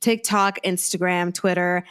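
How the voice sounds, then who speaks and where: Woman, podcast host, casual chat, upbeat, brisk. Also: fairly low pitch, steady tone, a bit bright, clean tone.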